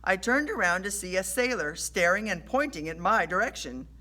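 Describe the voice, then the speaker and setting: A woman reading a children's adventure story aloud in an animated storytelling way. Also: medium pitch, normal speed. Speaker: storybook reader.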